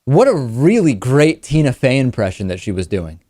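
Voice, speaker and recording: A man hosting a political talk show, giving wry, quick commentary with frequent restarts. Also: mid-range voice, big pitch swings, dark tone, slight background noise. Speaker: host.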